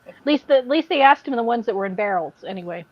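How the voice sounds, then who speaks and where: A woman hosting a casual podcast chat, telling animated stories and laughing along. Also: a little high, fast, dull audio, slight background noise. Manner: animated storyteller, mimics people she describes. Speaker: podcast host.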